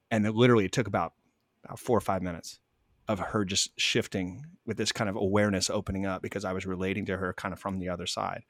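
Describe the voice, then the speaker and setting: Man telling stories, lively and close. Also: on the low side, fast, no room sound. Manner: animated, acts out both sides of dialogue. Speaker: guest, spiritual medium. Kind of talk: conversational storytelling.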